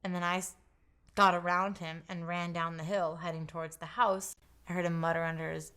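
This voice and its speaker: Young woman, low voice, halting and hushed. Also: level tone, clear, resonant tone. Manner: halting, quiet, often dropping toward a whisper. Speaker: interviewee. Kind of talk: documentary interview testimony.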